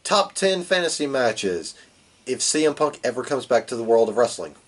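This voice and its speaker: A man's voice: mid-range voice, sing-song, moderate pace. A man co-hosting a podcast in casual chat, sarcastic and crude, with a dry delivery. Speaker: podcast co-host. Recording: distant from the mic.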